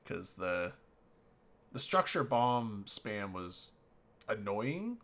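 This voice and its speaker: A man's voice: on the low side, sing-song, extremely slow, a bit bright. A man hosting a casual gaming chat, hesitant and thinking aloud with frequent fillers.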